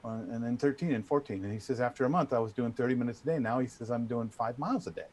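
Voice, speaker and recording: A middle-aged man telling a story as a guest in a casual chat, animated and full of restarts. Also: mid-range voice, fast talker, slight background noise. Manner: animated, trash-talking storyteller with many restarts. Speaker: guest speaker.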